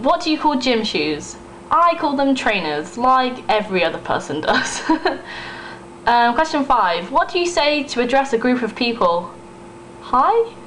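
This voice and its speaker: A young woman with an East Midlands English accent talks in a casual, chatty vlog, giggling and rambling between the words she reads. Her voice sits a little high, and faint background hiss comes through the computer mic. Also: poor audio. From Northamptonshire, England. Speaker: vlogger. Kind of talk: casual vlog talk, reading a word list.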